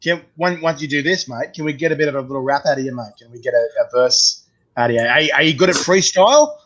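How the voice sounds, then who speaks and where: An excitable Australian man hosting a relaxed chat, with a slightly high voice that he pushes through lots of swearing and quick reactions. The audio is dull and a bit lo-fi. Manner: chatty, excitable, swears freely. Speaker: host. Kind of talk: casual chat.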